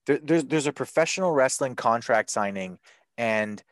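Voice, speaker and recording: A man's voice: mid-range voice, expressive, normal speed, no echo, clean studio sound. A man co-hosting a casual wrestling recap, sarcastic and laughing as he describes the matches. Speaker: podcast co-host.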